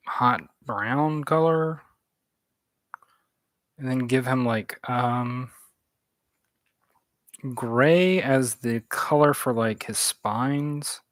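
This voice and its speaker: A man's voice: medium pitch, no room sound. A man streaming himself painting, thinking aloud in a casual, musing, hesitant way. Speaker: artist streaming his painting. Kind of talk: casual live-stream chat while painting.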